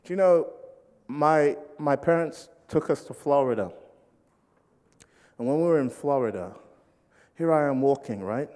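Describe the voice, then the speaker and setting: In a long, reverberant hall, a man from Britain preaches in British English, telling comic stories, voicing the characters he quotes and trading jokes with the crowd. His pitch is fairly high, and he speaks unhurriedly with long pauses, in an animated style.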